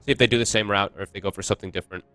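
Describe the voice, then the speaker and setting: A man's voice: lowish voice, fairly even intonation, rapid-fire, bright, forceful tone, no room sound, faint music behind. A man casting an esports match, chatty and analytical, thinking aloud as he breaks down the picks. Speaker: esports caster. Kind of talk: casual esports commentary.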